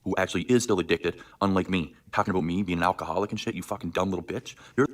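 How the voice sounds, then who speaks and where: A man's voice: deep voice, steady tone, racing. A man in his thirties ranting on a livestream, furious and profane, hurling insults. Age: 30s. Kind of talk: angry livestream rant.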